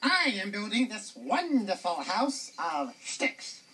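A woman's voice: mid-range voice, big pitch swings, takes it slowly, bright, forceful tone, distant mic, exaggerated voice. A woman voicing a silly, boastful little pig in a children's puppet show, chirpy and fussy.

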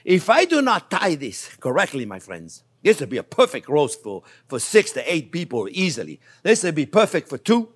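A man's voice: a little high, normal speed, few pauses. An older man, a chef giving a chatty cooking demonstration in a kitchen, joking and laughing as he teaches. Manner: animated, chatty, jokes and laughs while teaching.

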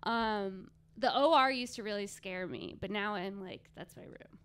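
A woman's voice: medium pitch, moderate pace, fairly bright tone, clear, resonant tone. A woman from Southern California, a stand-up comedian chatting casually as a podcast guest and telling stories in a laid-back way.

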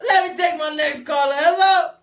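A woman with a Philadelphia accent hosting a live call-in talk show, loud and hyped, shouting to her callers. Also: extremely high pitch, moderate pace, echoey room. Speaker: radio talk show host.

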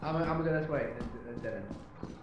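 A man's voice: a little high, expressive, fast, highs cut off. A man playing along in a game, making dry teasing remarks in casual chat. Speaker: fellow player. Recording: echoey with background noise.

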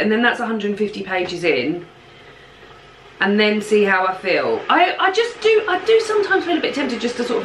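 A woman's voice: mid-range voice, bright, forceful tone, a little hiss or hum. Chatty English woman, casual book vlogger, rambling and offhand, recorded in an echoey home kitchen. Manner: chatty, rambling, self-deprecating, swears casually. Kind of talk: casual rambling vlog chat. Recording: echoey room.

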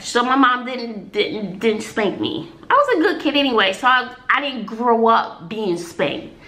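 A talkative woman in her forties rambles to her channel's viewers in a slightly high voice, laughing and drifting off topic. Her voice bounces around a roomy, echoey space. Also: very animated, a little slow, bright, forceful tone. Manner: rambling, chatty, laughs often, trails off. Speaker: vlogger, single mom. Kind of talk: casual chat to viewers. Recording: roomy echo.

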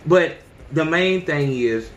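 A man's voice: fairly high pitch, expressive, slow pace, roomy sound, dull audio, slight background noise. Blunt, profane man in his thirties. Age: 30s. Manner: blunt, profane, preachy street talk. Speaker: podcast host. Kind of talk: casual monologue.

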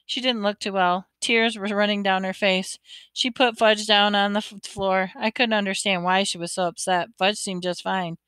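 A woman reads a children's storybook aloud with expressive narration. Her tone is bright and crisp, and the sound is dry and close. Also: medium pitch, moderate pace, no echo. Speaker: audiobook reader.

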